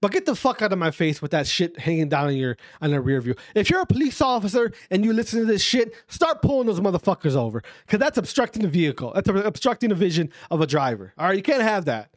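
Guy ranting on his podcast, cusses nonstop, lively up and down voice, dry close sound. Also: high-pitched, fast talker, few pauses, no echo. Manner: animated, swears a lot, repeats himself. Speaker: podcast host. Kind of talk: casual profane podcast rant.

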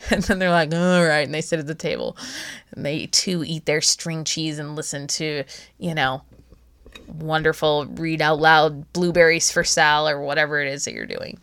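Woman, 30s, podcast host; casual, chatty, playful, quick to laugh. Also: low-pitched, fairly even intonation, a bit bright.

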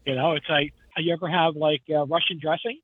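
A man's voice: a little high, fairly even intonation, a little fast, breathy edge, no echo. A man, a guest truck driver, chatting casually in a rambling, easygoing way and laughing easily. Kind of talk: casual podcast chat. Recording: tinny phone line.

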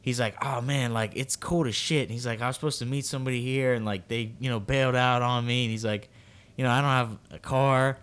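A man's voice: mid-range voice, steady tone, fast, a bit bright, clean tone. Rambling young man telling a story. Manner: rambling, filler-heavy storytelling with acted quotes. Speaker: podcast co-host. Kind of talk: casual storytelling chat.

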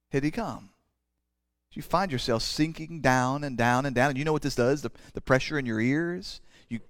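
A man's voice: medium pitch, a bit bright, no echo. Man preaching in a dry close sound. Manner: conversational preaching, dramatic pauses, occasional stammered restarts. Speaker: pastor. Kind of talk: sermon.

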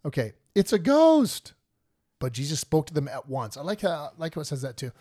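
A man's voice: medium pitch, fast talker, slightly rough, dry recording, studio quality. A man hosting a podcast, casually retelling and joking about a Bible story with lots of laughs. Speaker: podcast host.

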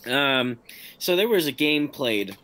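Laid-back podcast co-host. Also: male voice, medium pitch, big pitch swings, takes it slowly, pushed and bright. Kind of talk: casual podcast chat.

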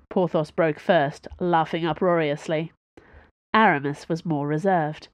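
A woman reading a story aloud in an even, measured narration. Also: sits low, no room sound. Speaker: audiobook narrator. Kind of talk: scripted narration.

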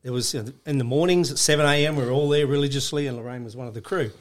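A man with a mid-pitched voice, a guest on a podcast. He tells stories in a plain, easygoing way and laughs easily between phrases. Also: racing. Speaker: guest, bodybuilding judge. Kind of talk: casual podcast interview.

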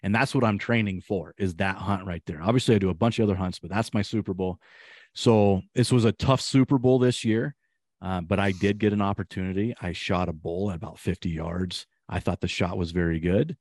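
Man, podcast host, low voice, dry close sound, earnest, acts out quotes. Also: fairly quick, darkish tone, no room sound. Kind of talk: casual podcast chat.

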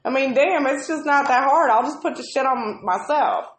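Woman, slightly high pitch, foul-mouthed and exasperated, roomy echo. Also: moderate pace. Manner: swears constantly, ranting and exasperated. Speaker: co-host of a live video chat. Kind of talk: casual profane storytelling.

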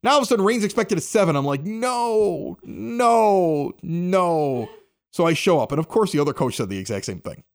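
A man's voice: a little high, huge pitch swings, racing, hardly any pauses. A man in his forties hosting a podcast, reading local announcements and rambling through stories with acted-out voices. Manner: rambling storyteller, acts out quoted voices. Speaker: podcast host. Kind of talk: casual chat and local announcements.

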